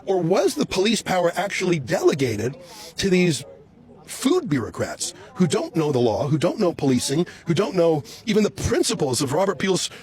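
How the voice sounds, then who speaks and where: A man reporting outdoors on the street, loudly and sarcastically firing questions at police officers. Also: high voice, very animated, moderate pace.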